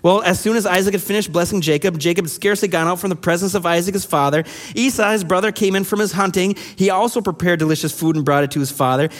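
A man preaching a sermon, reading scripture aloud and explaining it in an animated way, acting out the quoted voices. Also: sits high, fast, few pauses. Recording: long hall reverb.

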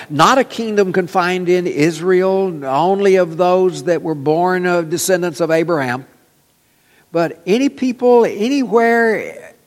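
Lively, higher-voiced man preaching in a hall. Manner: folksy storytelling with frequent fillers. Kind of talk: sermon. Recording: long reverb in a large hall.

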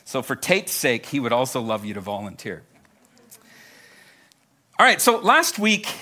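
A man's voice: medium pitch, huge pitch swings, unhurried, long pauses, bright, forceful tone. A man preaching a sermon to a live congregation. He talks in a conversational way, speaks to them directly and often repeats words as he starts a thought. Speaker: pastor.

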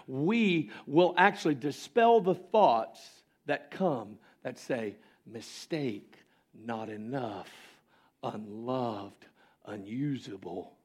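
An impassioned male pastor delivering a sermon in a church sanctuary. His voice sits high and leaps all over its range, rising to loud exclamations and then dropping to hushed lines.

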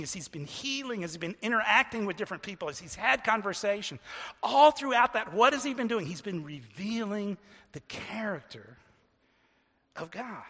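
Earnest guy preaching a sermon, high voice, long church reverb. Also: a bit bright. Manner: earnest, repeats words, slows to stress points. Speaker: pastor.

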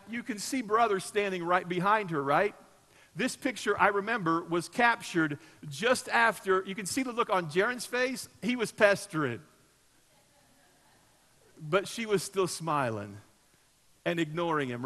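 A middle-aged man preaches to his church in a high, bright voice. He tells stories, leaning hard on key words and then dropping to soft, low asides. The sound carries a long echo through a large hall. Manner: storytelling, swings from loud emphasis to soft low asides. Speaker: pastor. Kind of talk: sermon.

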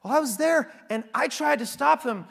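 A man's voice: extremely high pitch, normal speed, creaky, fairly bright tone, long reverb tail, voice pushed up, full character voice. A preacher acting out a lying man who pleads his innocence in a raised, strained voice. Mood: pleading.

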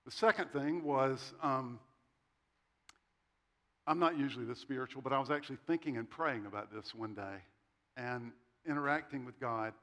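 A man's voice: medium pitch, moderate pace, fairly bright tone. A middle-aged man giving a sermon, telling a personal story with self-deprecating humor and quoted dialogue. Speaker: pastor.

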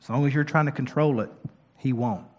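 A man preaching a sermon as pastor, moving from quiet reflection to loud, emphatic peaks. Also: medium pitch, fairly quick, dull audio. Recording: long hall reverb.

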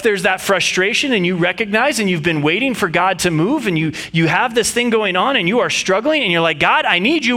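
A man's voice: high voice, bright, forceful tone. A man preaching a sermon in an earnest, conversational way, reading scripture and often restarting his sentences. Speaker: pastor.

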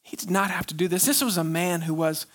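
A male pastor preaching a sermon, pressing his points with rhetorical questions and drawn-out pauses. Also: high-pitched, a bit bright, a little hiss or hum.

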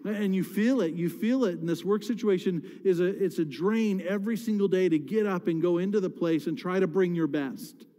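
Candid pastor preaching in a reverberant hall. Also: male voice, high-pitched, normal speed, hardly any pauses, warm tone. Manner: candid, emotional, many restarts. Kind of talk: sermon. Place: church sanctuary.

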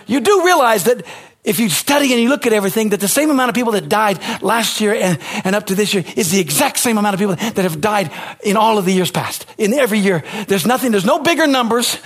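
A man, a pastor, preaches with fervor, repeating phrases and lurching from loud outbursts to hushed asides. His delivery is expressive and quick, with a breathy edge.

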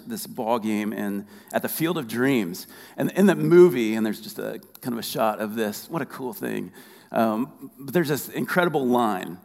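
A man preaching a sermon, conversational and humorous, reading scripture aloud slowly. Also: medium pitch, vocal fry, big-room sound. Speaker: pastor.

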